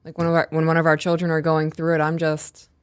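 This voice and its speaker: Woman, podcast co-host, mother, animated storyteller, dry close mic. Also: sits low, brisk, clear, resonant tone, no room sound. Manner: animated storyteller, acts out her own raised voice. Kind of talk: casual live podcast chat.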